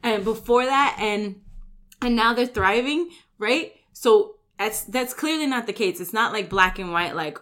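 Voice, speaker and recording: A gym-owning coach with a mid-range, fairly bright voice gives a casual motivational talk. Chatty throughout, she keeps saying "like" and "right?" and briefly acts out common everyday complaints.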